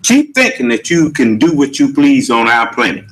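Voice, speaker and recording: A man's voice: mid-range voice, big pitch swings, normal speed, a bit bright, poor audio. A man preaching a sermon with emphatic rhetorical questions and casual vernacular speech. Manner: emphatic, rhetorical questions, Southern US Black English.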